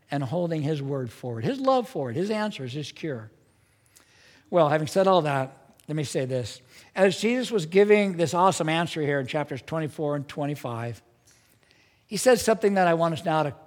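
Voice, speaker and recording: A man's voice: on the high side, darkish tone. A man preaching a sermon as pastor, earnest and emphatic, with strong rises in his delivery. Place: church sanctuary. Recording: church hall with long reverb.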